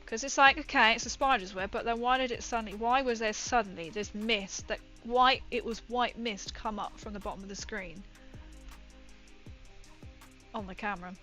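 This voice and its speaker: A woman's voice: a little high, a little fast, hardly any pauses, pushed and bright, low-quality recording. Chatty rambling woman streamer. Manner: chatty, rambling storytelling with many fillers. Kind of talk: casual chat while painting miniatures. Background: faint background music.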